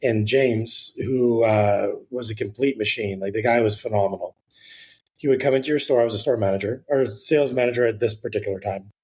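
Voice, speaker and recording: A man's voice: on the low side, fairly quick, a little mellow, breathy edge. A man, a real estate agent guest on an interview podcast, telling a rambling anecdote in a casual way with the odd swear word.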